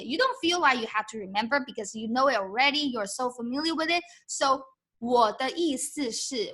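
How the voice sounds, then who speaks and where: Woman teaching mandarin tones, slow and bright, keeps asking okay?. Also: high voice. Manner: mixes English and Mandarin, demonstrates tones by drawing out syllables; encouraging, asks "okay?" often. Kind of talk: live-stream language lesson.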